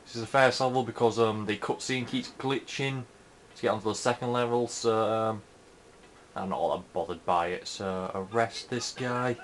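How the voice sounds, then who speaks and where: A young man quietly commenting on a video game he is playing at home, keeping his voice low so he won't wake someone. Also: steady tone, moderate pace, slight background noise, poor audio. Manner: talking softly so as not to wake someone. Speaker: gamer recording gameplay commentary. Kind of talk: quiet casual gameplay commentary. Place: indoors at home.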